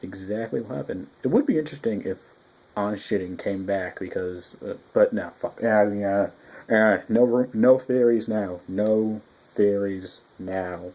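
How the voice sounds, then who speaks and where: A man talks through a casual review in a mellow, warm voice. He is excitable and rambling, restarting sentences and swearing freely as he goes. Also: fairly low pitch, moderate pace. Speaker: manga reviewer.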